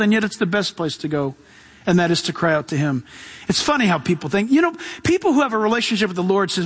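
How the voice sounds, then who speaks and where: A male pastor preaching a sermon, animated and acting out the voices of the people in his stories. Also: extremely high pitch, big-room sound.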